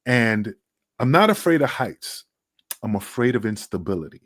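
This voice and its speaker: Animated man telling a wrestling story. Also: fairly low pitch, normal speed, dry recording, clean studio sound. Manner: animated, acts out quotes, swears freely. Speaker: wrestling guest. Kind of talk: casual storytelling.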